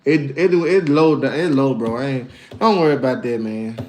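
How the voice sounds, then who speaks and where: A man chatting casually on a livestream, slangy and animated, telling stories and answering viewers. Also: medium pitch, moderate pace, a little hiss or hum. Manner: animated, slangy, storytelling with put-on voices. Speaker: livestreamer and musician.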